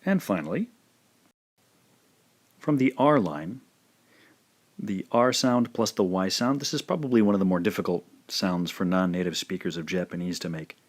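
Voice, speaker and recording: A man teaching a language lesson, patiently saying each sound twice in a careful, drawn-out way. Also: deep voice. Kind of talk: slow, careful spoken lesson.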